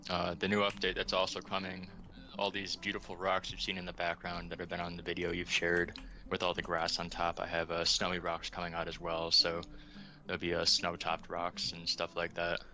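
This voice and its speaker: A man from the United States with a very low, bright and forceful voice, chatting casually as a guest. He talks about his work with enthusiasm, filling pauses with ums. Faint music plays underneath. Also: completely flat delivery. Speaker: game asset developer guest. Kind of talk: casual interview chat.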